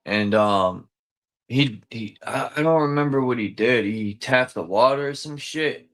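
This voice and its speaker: A man's voice: medium pitch, measured pace, a bit bright. A man hosting a casual, rambling chat, talking loosely with frequent swearing and restarts. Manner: rambling, profane, loose and conversational.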